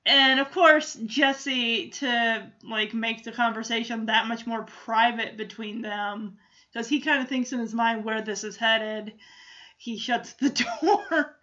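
A chatty woman recapping a sitcom, giggling and leaning on fillers as she talks. Her voice is high and bright, with a slightly dull, lo-fi sound. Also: steady tone, takes it slowly. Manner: chatty, giggly, lots of fillers like "like" and "you know". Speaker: show recap host. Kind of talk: casual episode recap.

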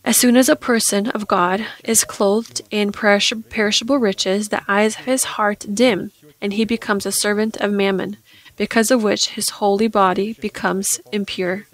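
Woman preaching in a flat, even tone. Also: medium pitch, moderate pace, hardly any pauses, rough recording. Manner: earnest preaching with Scripture readings, rising loud at emphatic points. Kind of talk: sermon.

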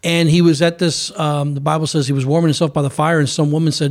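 Gravelly preacher man, fervent. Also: fairly high pitch, flat delivery, fast talker, hardly any pauses. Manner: fervent, repetitive restarts. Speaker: preacher and co-host. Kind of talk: preaching on a broadcast program.

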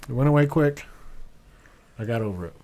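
Crude, teasing young podcast co-host. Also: male voice, mid-range voice, animated, brisk, dark tone. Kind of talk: casual banter, storytelling.

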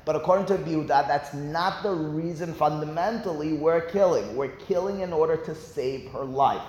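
A fairly high-voiced man leads a Talmud lesson, working through the text point by point. He keeps asking rhetorical questions and then answers them himself. His voice rings out in a big, echoey hall with a long, trailing reverb. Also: moderate pace, a little mellow, slight background noise. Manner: explains step by step, posing rhetorical questions. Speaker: Talmud teacher. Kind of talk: Talmud study lecture.

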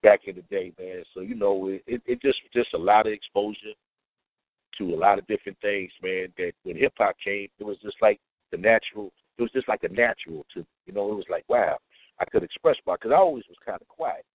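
Chill dude, kinda low voice, sounds like a phone call, no room sound. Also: male voice, a little fast, no room sound. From Trenton, New Jersey. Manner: laid-back, often adds "you know what I'm saying" and "man". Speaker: DJ, interview guest. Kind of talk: casual interview chat. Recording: tinny phone-like dry line.

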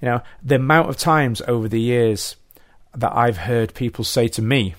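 A man's voice: mid-range voice, normal speed, no room sound. Upbeat male podcast host, dry sound. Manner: upbeat, encouraging. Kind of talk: casual podcast interview.

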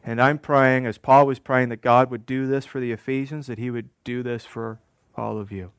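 A man preaching a sermon as pastor, deliberate, repeating key phrases and asking the congregation rhetorical questions. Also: mid-range voice, steady tone, smooth, no echo.

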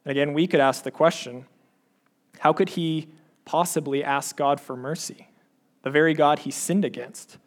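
A man preaching a sermon, asking earnest questions of his listeners and slowing down to read scripture aloud. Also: a little high, fairly even intonation. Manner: earnest, pleading questions to the congregation.

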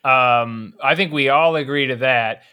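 A man co-hosting a movie podcast, joking around in casual, animated chat. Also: medium pitch, clear, resonant tone. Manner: joking and animated, quick wisecracks. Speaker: podcast co-host.

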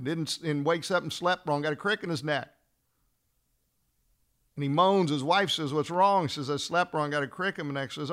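Man, trial-lawyer instructor, fairly high voice; animated storyteller who slows for emphasis. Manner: acts out dialogue in a lively storytelling way. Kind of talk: storytelling lecture.

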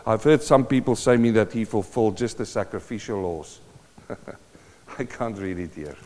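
A man's voice: on the low side, moderate pace, a little mellow. A man preaching a sermon, quoting scripture and building emphatically in intensity. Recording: long reverb of a large hall.

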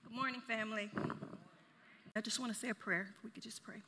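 Woman preacher, sermon, high bright voice, dramatic swings between shouting and hush. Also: fairly even intonation, brisk, pauses often, long reverb tail, slight background noise. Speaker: children's ministry director giving a sermon.

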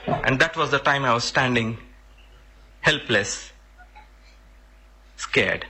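A man's voice: medium pitch, takes it slowly, very noisy. A man from India, earnestly telling a personal story and sometimes searching for words.

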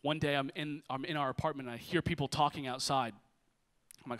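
A young male pastor delivers a sermon from a church stage, moving from comic personal stories into earnest teaching. His voice sits high and rings bright and forceful. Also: brisk. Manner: lively, joking storyteller who shifts to preaching. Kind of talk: sermon with storytelling. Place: church stage before a congregation.

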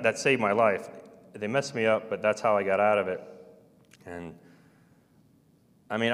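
A man telling a personal story in a rambling, halting way, full of restarts and trailing-off phrases. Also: lowish voice, in a large hall.

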